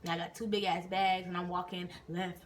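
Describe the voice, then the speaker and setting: A young woman vlogger telling a casual story in an animated way, swearing freely and acting out what people said. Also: on the low side, brisk, a little hiss or hum.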